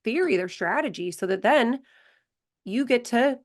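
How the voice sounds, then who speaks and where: A woman's voice: a little high, lively intonation, normal speed. A woman hosting a podcast as a performance coach, speaking in a thoughtful, reflective way. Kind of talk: podcast conversation.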